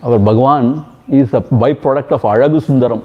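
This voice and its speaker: A man's voice: mid-range voice, fairly quick, slight background noise. A man with an Indian English accent, a swami teaching a retreat, giving a spiritual discourse with a storyteller's emphatic repetitions. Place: ashram hall. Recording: dull lo-fi sound.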